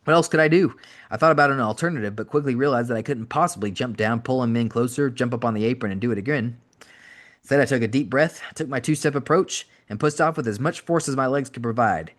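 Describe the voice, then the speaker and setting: A man reads a first-person audiobook at a fast clip, with a wry edge to the telling. His voice sits at a middle pitch, and the pace stays quick throughout. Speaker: podcast host reading an audiobook. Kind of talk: audiobook narration.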